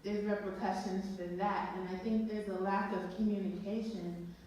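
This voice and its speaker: A woman's voice: mid-range voice, level tone, normal speed, a little mellow, slight background noise. A woman asking a thoughtful, searching question at a live Q&A. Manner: thoughtful, searching, many fillers. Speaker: audience member asking questions. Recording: echoey hall, distant mic.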